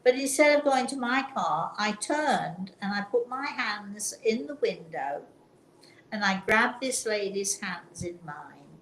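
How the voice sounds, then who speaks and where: Picture a woman hosting a talk show, sharing a personal story in a gentle, earnest voice that often stops and restarts. Her voice carries a roomy echo, and a faint hum sits underneath. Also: mid-range voice, animated, unhurried. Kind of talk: casual chat, personal storytelling. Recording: roomy sound with faint background noise.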